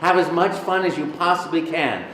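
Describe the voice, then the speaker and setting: A man in an interview at a convention, telling stories in an animated, jokey way. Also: on the high side, normal speed, reverberant. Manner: animated, jokey storyteller, breaks into voices. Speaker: voice actor, interview guest. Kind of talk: casual storytelling interview. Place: convention venue.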